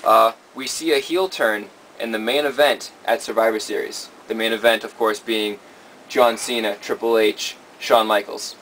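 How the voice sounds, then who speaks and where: A man with a lowish voice co-hosts a casual show, laying out his picks step by step. He talks in a measured, plain way. Faint background noise sits under the recording. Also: fairly even intonation, a bit bright. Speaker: co-host running a segment. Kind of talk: casual talk show chat.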